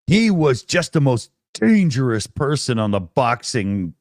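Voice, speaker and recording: Animated Canadian man, lively pitch. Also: measured pace, no room sound, clean studio sound. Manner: animated, laughing, swearing storyteller. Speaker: co-host. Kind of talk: casual chat.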